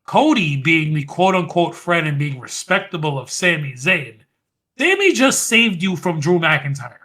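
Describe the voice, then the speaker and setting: Male podcast host, bright, slightly high voice, animated recap. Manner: animated, fast-running recap. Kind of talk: casual chat recapping wrestling.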